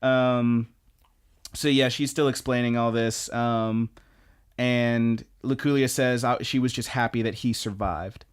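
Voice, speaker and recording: A man co-hosting a podcast, casually recapping anime episodes in an animated, storytelling way and swearing now and then. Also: mid-range voice, measured pace, clean tone. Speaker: podcast co-host.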